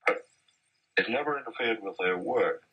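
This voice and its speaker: A man telling measured stories about his years as a mine boss in an archive interview. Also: lowish voice, sharp tone, muffled recording, a little hiss or hum. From Australia. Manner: measured, anecdotal, with occasional restarts. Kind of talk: reminiscing storytelling in an interview.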